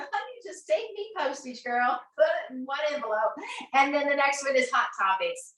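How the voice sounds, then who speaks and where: A woman hosting a live sales team video, bubbly and quick to laugh, announcing prize winners. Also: fairly high pitch, sharp tone. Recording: echoey room, far from mic.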